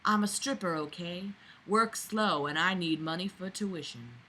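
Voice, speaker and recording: A woman's voice: on the low side, measured pace, bright, forceful tone, a little hiss or hum, rough recording. A woman reading the lines of a coy young waitress and student, in her everyday voice. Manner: plain read-aloud dialogue.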